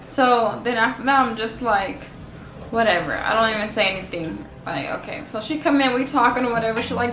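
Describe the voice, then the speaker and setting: Woman, from Los Angeles, casual slangy storytime, fairly high voice, echoey room. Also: a little fast, fairly bright tone, a little hiss or hum. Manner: chatty, slangy, heavy use of "like". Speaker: vlogger.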